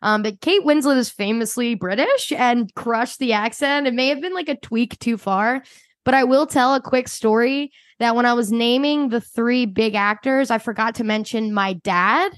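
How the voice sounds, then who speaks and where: A woman's voice: fairly high pitch, moderate pace, no echo. A woman from the Philadelphia suburbs hosting a podcast, chatting casually and swearing now and then. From Delaware County, Pennsylvania. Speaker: podcast host.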